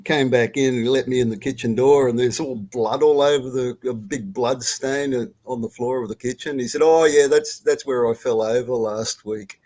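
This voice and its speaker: An older Australian man telling a rambling, halting story over a video call, swearing and laughing as he goes. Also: mid-range voice, fairly even intonation, a little mellow. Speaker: guest storyteller. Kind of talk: casual storytelling on a live stream.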